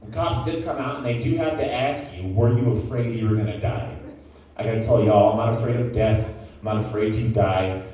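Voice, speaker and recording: Rambling young comedian in an echoey casino. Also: male voice, fairly low pitch, a little fast, warm tone. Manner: rambling, filler-heavy, self-mocking. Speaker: stand-up comedian. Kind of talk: stand-up storytelling. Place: casino stage, live show. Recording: echoey room, mic from a distance.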